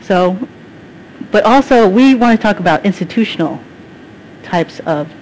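A man with a fairly high voice talks to an audience at a panel discussion. He speaks casually, pausing and restarting his sentences as he goes. A faint hiss of noise sits under the recording. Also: lively intonation, low-quality recording. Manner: casual, halting, with fillers and restarts.

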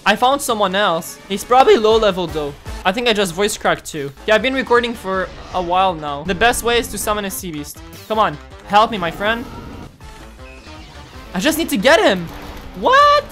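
Excitable young man doing gameplay commentary. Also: high-pitched, normal speed, faint music behind. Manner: excitable, exclaiming and taunting opponents. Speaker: gaming channel host.

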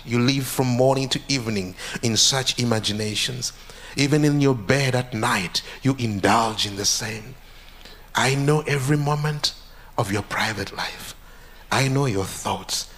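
A man voicing a stern divine voice that speaks low, slow and grave, sinking to a whisper. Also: natural voice. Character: stern divine voice, hushed and commanding.

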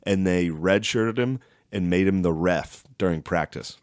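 Brief: young male podcast co-host, very low voice, dry close mic, animated and profane storytelling. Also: unhurried, dry recording. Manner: profane, animated retelling with impressions of people. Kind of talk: casual chat.

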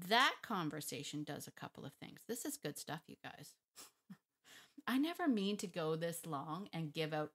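A woman dog trainer talks straight to her viewers in a casual, emphatic way. She thinks out loud, repeats her key points and laughs often. Her voice sits a little low for a woman. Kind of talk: casual talk to camera, teaching.

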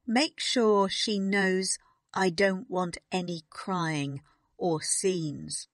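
A woman voicing a stern, cold headmistress who gives curt commands, in a slow storybook reading. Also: lowish voice, steady tone, no echo, clean studio sound.

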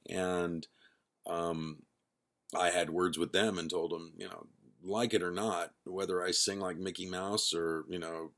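A man's voice: sits low, creaky, a bit bright. A middle-aged man, a band's singer and founder, telling his story casually in a rambling way, correcting himself as he goes. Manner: rambling, self-correcting, acts out quoted dialogue.

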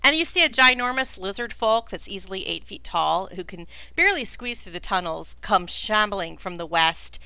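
A woman's voice: mid-range voice, animated, moderate pace, creaky, hardly any pauses, sharp tone, clean tone, no echo. A woman narrating a tabletop game as game master in a chatty way, with many fillers.

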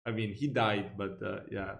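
A man's voice: fairly low pitch, steady tone, normal speed, gravelly. A young Italian man with an Italian accent, reacting casually to a video and laughing often. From Italy. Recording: roomy echo.

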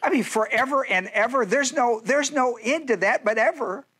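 A male pastor preaching a sermon in a folksy, joking way, full of quick asides and playful jabs at his listeners. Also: very high-pitched, sharp tone, slightly rough.

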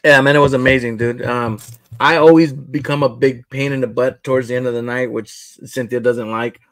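A man runs a laid-back livestream as he builds, talking casually with viewers and a guest. He has a slightly bright, mid-range voice with fairly even intonation, a moderate pace, and no echo.

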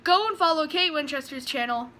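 A woman voicing an excitable young male gaming video host, shouting and gushing. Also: high voice, fairly quick, a little hiss or hum.

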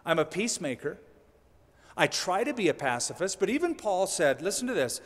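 A man's voice: on the high side, expressive, a little fast, in a large hall. A male pastor preaching a sermon in a conversational way, with dry humorous asides.

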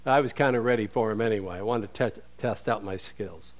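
A man's voice: fairly low pitch, brisk. A male pastor preaching a sermon in a conversational way, asking rhetorical questions and quoting scripture.

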